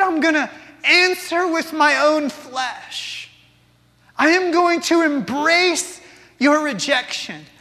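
A man preaches in a high, bright voice with a long hall reverb behind him. He speaks slowly and with passion, putting rhetorical questions to the congregation. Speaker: pastor. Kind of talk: sermon.

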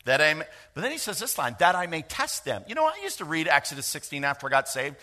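A middle-aged man preaching a sermon, lively and joking, with quick asides to the congregation. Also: a little high. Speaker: pastor.

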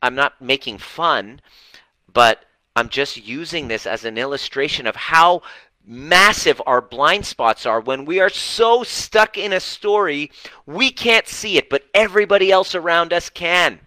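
A male healing coach giving a blunt, animated live talk to online viewers, swearing casually. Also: on the high side, unhurried, dry recording, low-quality recording.

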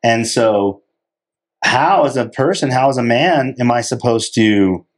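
Animated, laughing male podcast co-host. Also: medium pitch, a little slow. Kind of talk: casual podcast chat.

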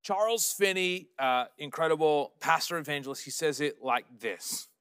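A man's voice: on the high side, expressive, moderate pace, few pauses, fairly bright tone, clean tone. A middle-aged man preaching a sermon as pastor, telling stories and building to emphatic peaks.

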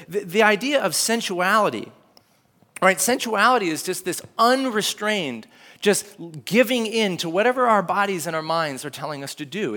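A man's voice: sits high, a bit bright. A man in his thirties preaching a conversational sermon, acting out quoted voices with lots of fillers. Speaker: pastor.

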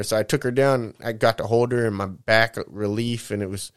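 A man's voice: fairly low pitch, fairly even intonation, normal speed, smooth. A man in his mid-thirties talking in a casual, rambling vlog monologue, candid and emotional, drifting off topic, swearing freely and saying "man" at the end of many sentences. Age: 30s. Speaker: vlogger.

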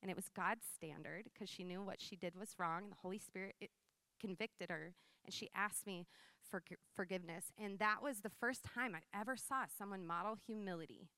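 Woman, 30s, sermon with personal story, conversational and lively; crisp, bright tone. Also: medium pitch, normal speed, dry recording. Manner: conversational, animated storytelling with frequent "like" and laughs. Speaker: preacher.

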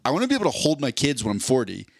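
A man's voice: mid-range voice, huge pitch swings, rapid-fire, vocal fry, dry recording. A man in his forties telling a long story on a podcast, rambling and swearing, full of fillers and restarts. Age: 40s. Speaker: podcast host. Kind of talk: casual storytelling chat.

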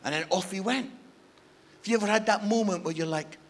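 A man preaching a sermon, telling a funny story in an animated, playful way and talking straight to the congregation. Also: sits high, normal speed. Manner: animated, playful, addresses the audience directly. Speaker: guest preacher.

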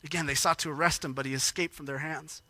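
A man preaching a sermon, emotional and animated, acting out quoted lines with rising intensity. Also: fairly high pitch, fast talker, dry recording. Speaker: pastor.

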